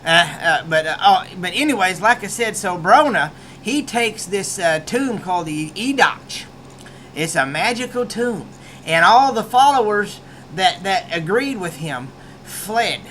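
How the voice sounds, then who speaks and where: Man, rural American accent, casual book review, rambling restarts, high-pitched, bright tone. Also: animated, a little slow, slight background noise. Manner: rambling with many restarts and fillers.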